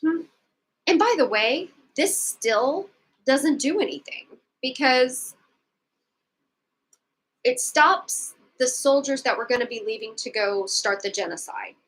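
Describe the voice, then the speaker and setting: Woman, book club co-host; high bright voice, easygoing slow recap, casual asides. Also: animated, husky, low-quality recording. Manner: rambling plot recap with frequent asides and laughter. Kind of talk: casual book discussion livestream.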